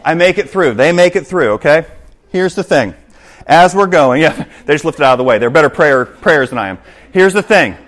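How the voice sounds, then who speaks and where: A man preaching a sermon in church, animated, acting out scenes and checking in with the congregation. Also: on the high side, normal speed. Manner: animated, acts out scenes, asks the congregation "right?". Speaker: pastor.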